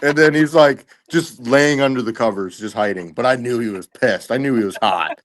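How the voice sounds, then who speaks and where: A man's voice: medium pitch, moderate pace. A man guest on a podcast, telling rambling stories in casual chat and laughing often between lines. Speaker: podcast guest, tournament angler.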